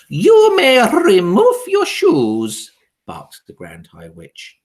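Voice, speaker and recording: A man, a primary school teacher, reading a children's novel aloud with expressive, dramatic storytelling. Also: medium pitch.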